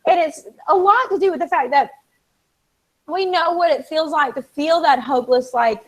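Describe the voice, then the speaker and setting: High-voiced animated woman co-host. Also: normal speed, low-quality recording. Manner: animated storyteller, acts out quoted dialogue. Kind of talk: casual chat.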